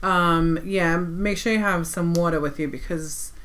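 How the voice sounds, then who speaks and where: A woman co-hosts a casual live stream in a somewhat low voice. She talks slowly and easily, greets viewers by name and offers friendly practical tips. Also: a bit bright.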